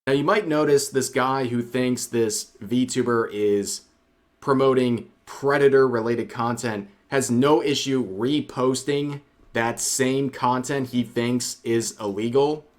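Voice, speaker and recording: A man's voice: medium pitch, slow. A man narrating a scripted drama-commentary video with sardonic, wry asides.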